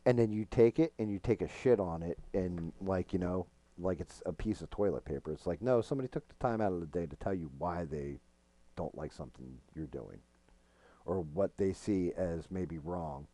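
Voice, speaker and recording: A man's voice: deep voice, moderate pace, warm tone. A middle-aged man streaming a game, talking frankly and rambling, with plenty of profanity. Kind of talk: casual gaming stream chat.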